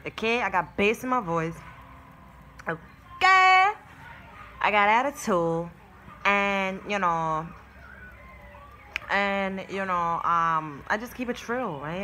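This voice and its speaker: Woman vlogger with a bright, punchy voice. Brash and sassy, curses and laughs easily. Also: fairly low pitch, a little slow, slight background noise. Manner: brash, sassy, swears freely and laughs mid-sentence. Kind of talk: casual talk to camera. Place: at home in a new place.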